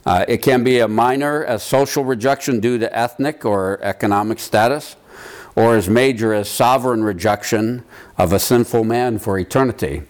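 A man leading an informal Bible study, talking through a passage in a conversational, halting way and checking in with his listeners. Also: medium pitch. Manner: conversational, halting, quizzes the room. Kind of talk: informal Bible teaching to a group.

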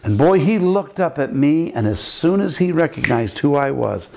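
A man's voice: moderate pace, vocal fry. An older man, a pastor, telling a story in a sermon and acting out the people in it with big jumps in his voice. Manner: animated preaching, acting out quotes with big pitch jumps.

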